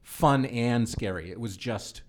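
A man's voice: mid-range voice, unhurried. A man with a mid-range voice, hosting a casual group conversation. He steers the topics and often repeats his first words before getting going.

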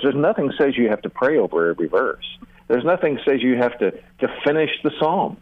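Older male seminary teacher, earnest mid-pitched explainer, restarts his sentences, narrow phone-quality radio sound. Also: lively intonation, brisk, no room sound. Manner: earnest, repeats words when starting sentences. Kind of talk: teaching on prayer in a radio interview.

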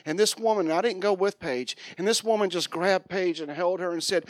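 Male preacher, slightly high voice, dry close sound, earnest testimony and fervent prayer. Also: fairly quick, hardly any pauses, dry recording. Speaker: preacher giving an offering appeal. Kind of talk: sermon with personal testimony. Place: church.

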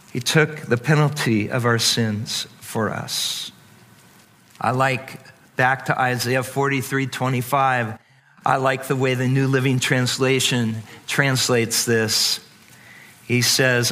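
Slow, bright-voiced male preacher. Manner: animated, playful, acts out voices with big pitch jumps. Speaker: pastor. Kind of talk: sermon.

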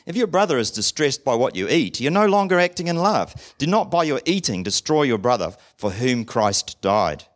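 A New man preaching in a chatty, conversational sermon. His pitch leaps up and down in a very animated way, and he keeps asking the congregation questions. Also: normal speed, hardly any pauses. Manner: acts out short dialogues in different voices. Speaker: pastor.

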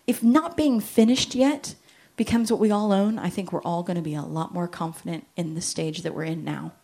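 A woman and parent giving a lively Christian talk on parenting, joking and acting out little quoted voices. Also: lowish voice, moderate pace, vocal fry. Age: adult with children. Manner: animated, jokey, acts out quotes.

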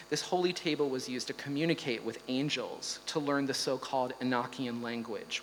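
A man gives a lecture at a middling pitch, stopping often on ums between phrases. His voice rings with a long hall reverb. A faint hum runs underneath the recording. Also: fairly bright tone. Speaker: artist giving a lecture. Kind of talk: performance lecture.

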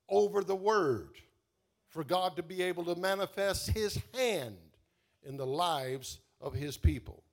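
A man preaching a sermon as pastor, calling on the congregation to respond and swelling loud on key words before dropping soft. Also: high voice. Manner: slow, drawn-out emphasis.

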